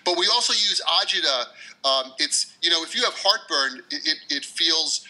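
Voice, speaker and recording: A man's voice: on the high side, expressive, normal speed, sharp tone, rough recording. A man with a New York City accent, a guest English teacher explaining words with friendly examples in a casual interview.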